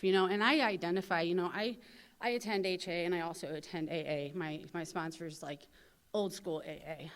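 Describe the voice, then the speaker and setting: A woman in her thirties with a St. gives a personal recovery testimony at a convention. She talks candidly in a slightly low voice and tells her story in an animated way, leaning on "you know" as she goes. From St. Louis, USA.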